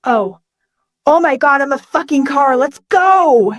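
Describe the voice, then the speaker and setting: A woman voicing a crude, panicky young male robot who turns into a car, excitable and whiny in a storybook reading. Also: fairly high pitch, slow pace, no echo, studio quality. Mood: giddy.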